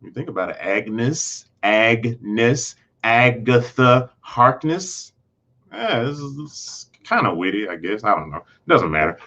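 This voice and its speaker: A man's voice: fairly low pitch, big pitch swings, moderate pace, few pauses, pushed and bright, slightly rough, muffled recording. A man hosting a casual TV episode recap, rambling along with frequent restarts and self-corrections. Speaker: host.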